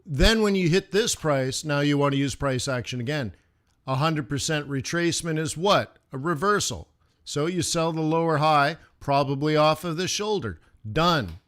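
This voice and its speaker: A man giving a live trading lesson who talks casually and directly to his viewers. He asks quick questions and chants price moves in rhythmic bursts. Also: a little high, animated, a bit bright. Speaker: forex trading instructor.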